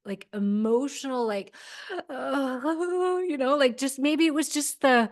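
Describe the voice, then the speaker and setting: A woman's voice: high-pitched, slow pace. A woman hosting a podcast, chatting casually and retelling her experiences with a lot of "like" in her speech. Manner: chatty, lots of "like", animated retelling. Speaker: podcast host. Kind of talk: casual interview chat.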